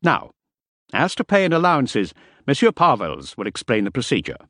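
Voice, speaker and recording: A man voicing a brisk military major who reads out records in a crisp, clipped manner. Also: medium pitch, wildly swooping pitch, fairly bright tone, no room sound, studio quality, pitched above the performer's own voice.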